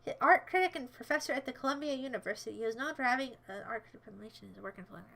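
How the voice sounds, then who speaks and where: A woman livestreamer with a fairly high, gravelly voice talks very fast, rambling playfully with her viewers as she teases them and mock-defends herself. Every so often she bursts into shouted mock-villain commands while answering chat.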